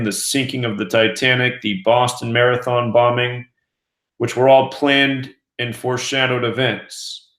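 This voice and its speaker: A man from the United States hosting a news commentary show, giving an earnest, steady, scripted monologue. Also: medium pitch. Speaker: host of a conspiracy news channel. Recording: roomy echo.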